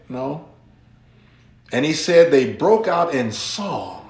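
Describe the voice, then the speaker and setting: A man's voice: high voice, moderate pace, echoey room. A man preaching a sermon, telling a story and acting out the voices of the people in it. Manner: animated storytelling, acts out quoted voices. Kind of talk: sermon illustration.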